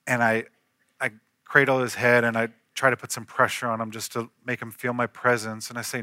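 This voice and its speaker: A man's voice: mid-range voice, steady tone, moderate pace, sharp tone, no echo, studio quality. A man in his thirties, a pastor, preaching an earnest storytelling sermon that rises to emphatic peaks.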